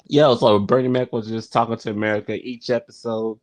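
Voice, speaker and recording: A man's voice: lowish voice, level tone, no room sound. A man hosting a casual review vlog, talking straight to the camera and often repeating his phrases. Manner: unhurried, repeats phrases, frequent "like". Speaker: YouTube show host reviewing a sitcom.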